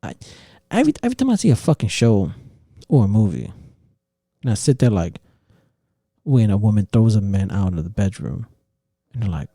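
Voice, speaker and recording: A man's voice: fairly low pitch, very animated, moderate pace, long pauses, warm tone, husky, no room sound, clean studio sound. A man hosting a podcast, ranting heatedly and profanely about relationships, mocking others in quoted voices. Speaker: podcast host. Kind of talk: casual opinion rant.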